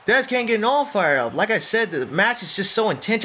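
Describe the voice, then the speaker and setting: Excitable high-voiced wrestling commentator man. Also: brisk. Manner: excitable, keeps breaking into shouts of surprise; addresses listeners as folks. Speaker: play-by-play commentator. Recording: dull lo-fi recording with faint noise.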